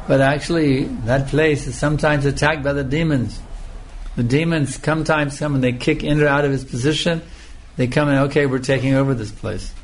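A man giving a scripture lecture as a spiritual teacher, speaking slowly and emphatically and repeating phrases for emphasis. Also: on the high side, fairly even intonation, slight background noise.

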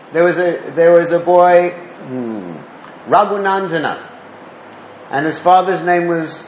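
With a fairly high voice, a man tells stories and asks his audience questions during a devotional talk as a spiritual teacher. The recording sounds dull, roomy and lo-fi, with faint ambience and a bit of background noise.

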